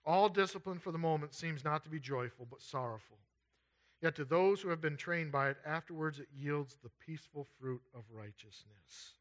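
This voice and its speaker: A man preaching a sermon, reading scripture aloud and then applying it, swinging between loud urgent emphasis and quiet low asides. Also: normal speed.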